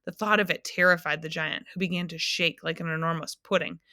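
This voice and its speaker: A woman teacher reading a children's novel aloud in an expressive storytelling manner. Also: lowish voice, brisk, no room sound, clean studio sound.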